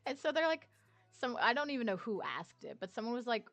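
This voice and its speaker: A woman's voice: a little high, animated, fast talker, fairly bright tone, dry recording, faint music behind. A woman streamer telling a story in casual chat, laughing often and swearing freely.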